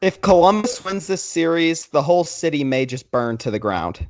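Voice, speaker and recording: A man's voice: fairly high pitch, sing-song, moderate pace, no room sound. A young man hosting a casual sports podcast, joking loosely and reading out plugs. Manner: loose, joking, reads sponsor and social plugs. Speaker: podcast host.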